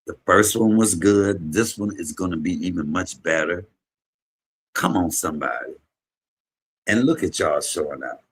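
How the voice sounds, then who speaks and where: A man hosting a livestream, giving an emotional, preacher-like testimony to his viewers, shifting from low murmurs to high exclamations. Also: normal speed, pauses often, slightly rough. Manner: preacherly, call-and-response to viewers. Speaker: livestream host, comedian.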